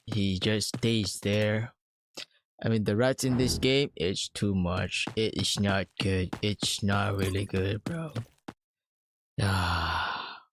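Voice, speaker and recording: A man's voice: fairly low pitch, fairly even intonation, slow, slight background noise. A young man giving live commentary as he plays a shooter. He talks to his chat in an annoyed, swearing way. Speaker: streamer.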